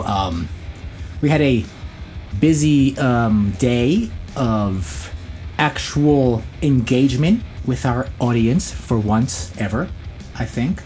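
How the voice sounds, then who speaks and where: A man's voice: mid-range voice, animated, slow pace, darkish tone, soft background music. A man co-hosting a casual podcast, jokey and self-mocking, rambling with lots of fillers. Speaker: podcast co-host.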